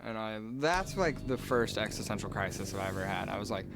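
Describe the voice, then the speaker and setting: A man's voice: lowish voice, lively intonation, fairly quick, music in the background. A young man telling a rambling personal story, packed with filler words. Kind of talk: storytelling trip report.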